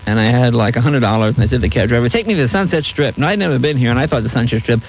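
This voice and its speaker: A man's voice: medium pitch, rapid-fire, slight background noise, low-quality recording. A man telling anecdotes as a comedian guest in an interview, acting out the voices of people in his stories. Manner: animated, acts out voices in stories.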